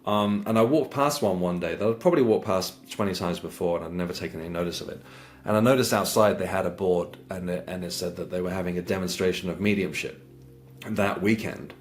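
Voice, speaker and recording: Low-voiced man telling a personal story. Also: brisk. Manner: hesitant, many repeated words and restarts; earnest, reflective. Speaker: guest sharing a spiritual experience.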